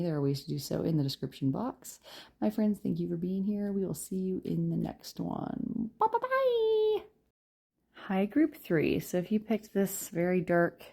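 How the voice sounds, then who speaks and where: A woman's voice: lowish voice, vocal fry, dark tone. A woman giving a chatty pick-a-card tarot reading, tired and yawning, joking at her own slips and laughing often. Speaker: tarot reader.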